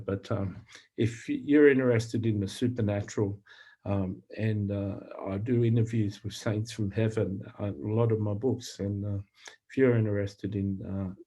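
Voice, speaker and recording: A man with a lowish, mellow voice tells personal faith testimonies straight to the viewer. He speaks earnestly and plainly, stumbling through fillers and repeated words as he goes. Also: breathy edge. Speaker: Christian author and prophetic minister. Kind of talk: personal testimony storytelling to camera.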